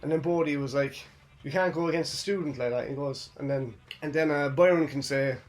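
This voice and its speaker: A young man hosts a loose, casual wrestling recap. His voice sits a little higher than most men's. He rambles from point to point and keeps tagging his sentences with "you know what I mean". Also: a little mellow. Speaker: host.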